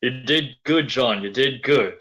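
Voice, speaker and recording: A man's voice: medium pitch, a little slow, a bit bright, breathy edge, poor audio. A man playing a tabletop game, hesitant and trailing off as he decides. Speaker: player. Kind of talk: tabletop role-play.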